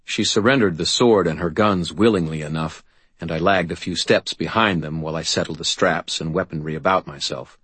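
A man narrating an audiobook in first person with a measured, wry delivery. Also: deep voice, a bit bright, husky, dry recording.

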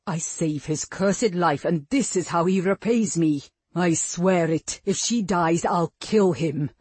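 A gruff, bedridden warrior lord bellowing curses, loud and a little lower than the reader's own voice, as a woman narrator puts him on. His tone is slightly husky and dry, like a storybook being read aloud. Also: takes it slowly, no room sound. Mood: threatening. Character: angry sick old male warrior lord.

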